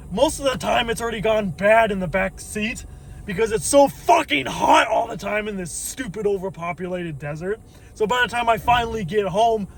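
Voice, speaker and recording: High-voiced man ranting from his car. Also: vocal fry. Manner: grumbling, swearing rants. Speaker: vlogger. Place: in a car waiting in a line.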